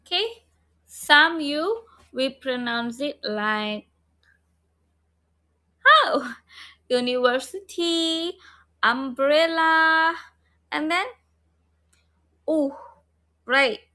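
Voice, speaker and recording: A woman's voice: sits high, very slow, pauses often, pushed and bright. A woman teaching an online phonics lesson, repeating letter sounds and prompting her students. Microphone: online class, video call.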